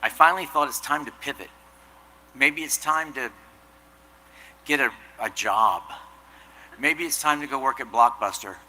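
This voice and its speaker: A man's voice: mid-range voice, normal speed, long pauses, bright, forceful tone, slight background noise, poor audio. A man giving a commencement address, telling an earnest, self-deprecating story. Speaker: commencement speaker. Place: outdoor commencement ceremony.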